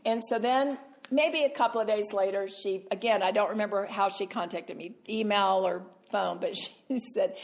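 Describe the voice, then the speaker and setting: A woman Christian speaker telling a self-mocking story, animated and laughing often. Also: mid-range voice, moderate pace. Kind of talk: storytelling talk.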